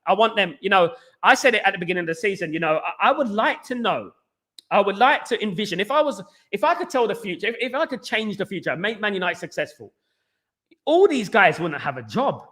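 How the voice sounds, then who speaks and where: A man hosting a live fan stream, talking very fast and answering viewer comments in casual chat. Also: sits high, big pitch swings, a bit bright.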